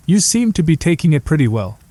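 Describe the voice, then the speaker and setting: A man's voice: a little high, very animated, quick pace, warm tone, dry recording, pitched above the performer's own voice. A man voicing an uneasy young brother. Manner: hesitant, probing questions.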